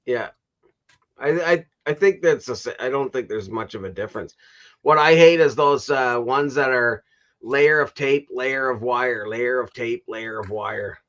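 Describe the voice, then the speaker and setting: Bright-voiced chatty man telling stories. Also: medium pitch, unhurried, dull audio. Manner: chatty storyteller who laughs often. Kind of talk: casual chat.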